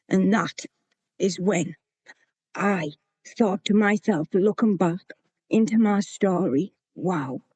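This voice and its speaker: A woman's voice: medium pitch, mellow, no echo. A woman, telling her own recovery story to a meeting in a candid, plain-spoken way. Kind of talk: sharing a personal recovery story.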